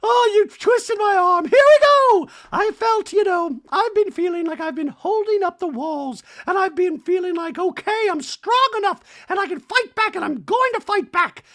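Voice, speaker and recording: A man putting on the voice of a dramatic, emotional woman reality star, high and gushing. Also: expressive, moderate pace, hardly any pauses, fairly bright tone. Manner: melodramatic, swooping up in pitch.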